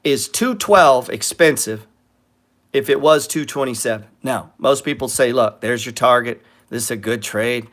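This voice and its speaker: Guy ranting about trading on his show, cusses, plays out other folks' lines, average pitch. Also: moderate pace. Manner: blunt, swearing, animated, acts out other people's lines. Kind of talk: profane ranting talk on trading.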